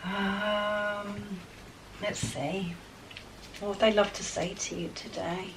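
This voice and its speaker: A woman giving a spiritual tarot guidance reading, excitable and enthusiastic as she talks straight to her viewers. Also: mid-range voice, measured pace. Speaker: tarot card reader. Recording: distant mic with faint background noise.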